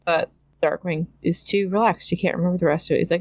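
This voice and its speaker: Chatty woman podcaster, slightly low voice. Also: fairly even intonation, quick pace, muffled recording. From Canada. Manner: chatty, laughs often, mimics characters when quoting. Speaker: podcast host. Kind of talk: casual episode recap.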